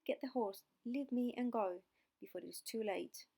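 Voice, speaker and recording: Anxious old-fashioned dad from a storybook, woman reading him in her own voice, bit of gravel in it. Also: fairly high pitch, normal speed, dark tone. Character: worried middle-aged father, a merchant.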